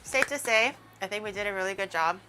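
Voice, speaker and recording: A woman's voice: mid-range voice, quick pace, noisy background. A woman streamer hosting a casual cooking stream, chatty and swearing freely as she eats with a guest. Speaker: streamer host. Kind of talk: casual chat while eating on stream.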